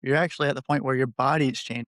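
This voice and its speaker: Male host and coach, brisk even delivery, dry close sound. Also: medium pitch, no echo. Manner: explanatory, storytelling, relaxed coaching talk. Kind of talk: casual podcast conversation.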